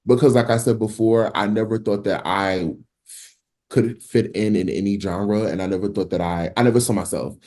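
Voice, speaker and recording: Chatty animated man, guest singer. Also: lowish voice, normal speed. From Newark, New Jersey. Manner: animated, chatty, lots of fillers. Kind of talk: casual interview talk.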